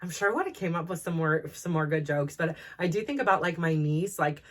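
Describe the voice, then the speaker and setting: Chatty Californian Valley-girl woman. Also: low-pitched. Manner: chatty, peppered with "like", quick laughs. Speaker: podcast host. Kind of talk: casual storytelling monologue.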